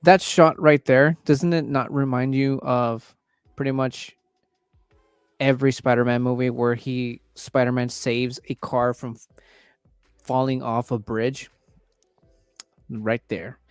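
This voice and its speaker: A man's voice: medium pitch, flat delivery, slow, long pauses, smooth, dry recording, soft background music. A man hosting a casual livestream, talking loosely and swearing freely as he reacts to trailers. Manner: loose, profane, chatty. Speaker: livestream host reviewing trailers.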